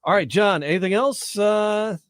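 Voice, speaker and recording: Male co-host, relaxed casual chat, dry close sound. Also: high-pitched, measured pace, no room sound. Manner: easygoing, wraps up the show. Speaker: podcast co-host.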